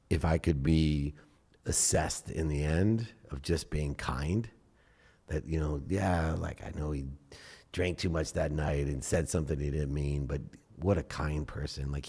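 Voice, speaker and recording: A middle-aged man with a very low voice speaks as an interview guest. He is animated and blunt, swears now and then, and jumps into acted-out inner dialogue. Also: husky. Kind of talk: casual interview talk.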